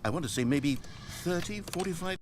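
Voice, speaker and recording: A man's voice: fairly high pitch, animated, fairly quick, lightly acted. An actor playing a weary, lonely male narrator of a game, dry and theatrical, with a faint hum behind him. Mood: wry. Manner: dry, theatrical, exasperated storytelling.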